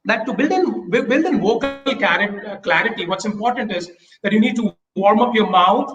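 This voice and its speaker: Energetic high-voiced coach. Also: male voice, lo-fi sound, over music. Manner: energetic, switches between fast bursts and slow deliberate pauses. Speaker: public speaking coach. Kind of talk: online talk, coaching. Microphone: video call. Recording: echoey room.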